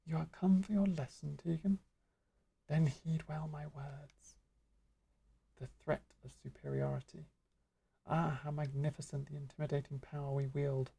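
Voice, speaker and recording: A woman's voice: low-pitched, fairly even intonation, normal speed, vocal fry, long pauses, mellow, slightly rough, full character voice. A woman playing a florid, lecturing magic guild master. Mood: grandiose. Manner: florid, archaic, lecturing delivery. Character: grandly theatrical magic guild master mentor.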